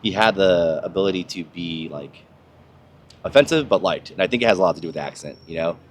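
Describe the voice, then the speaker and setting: A man's voice: low voice, expressive, fast, slight background noise. A young man, a former soldier, talking casually and profanely on a podcast, rambling through stories with lots of fillers. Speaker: podcast host, army veteran. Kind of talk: casual conversation.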